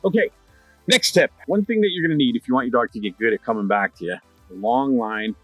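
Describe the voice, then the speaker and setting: A middle-aged man teaching dog training in a lively conversational way, repeating his key points. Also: mid-range voice, quick pace, no echo, soft background music. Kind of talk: instructional talk to camera.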